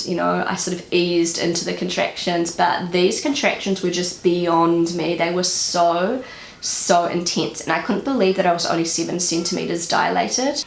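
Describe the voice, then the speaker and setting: Chatty New Zealand woman, gravelly voice. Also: fairly low pitch. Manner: chatty, many fillers and repeated words. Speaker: vlogger. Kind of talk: casual storytelling to camera. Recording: echoey room with faint noise.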